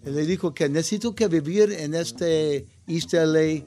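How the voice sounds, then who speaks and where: Man guest, storyteller, slightly high voice, faint music underneath. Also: normal speed. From United States. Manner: relaxed storytelling, mixes English and Spanish words. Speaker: actor guest. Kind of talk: casual interview talk.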